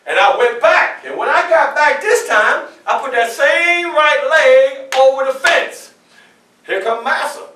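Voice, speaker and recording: A man performing Frederick Douglass, high and loud. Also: a little slow, distant mic, full character voice. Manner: animated, often shouting, audience call-and-response. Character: Frederick Douglass, a defiant young man escaping slavery. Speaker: historical portrayer. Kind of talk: first-person storytelling performance. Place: public library event room. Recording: echoey room, mic from afar.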